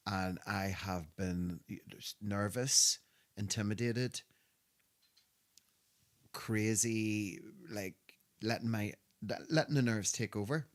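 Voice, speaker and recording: A man's voice: fairly low pitch, slow, long pauses. A middle-aged man who performs in drag, chatting casually as a podcast co-host and telling stories with a sarcastic streak. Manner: sarcastic, animated storyteller who quotes people.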